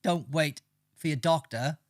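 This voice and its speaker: A man's voice: a little high, unhurried, no echo, studio quality. A man, co-hosting a podcast and talking bluntly in rambling, profane casual chat. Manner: blunt, heavy swearing, rambling. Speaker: podcast co-host.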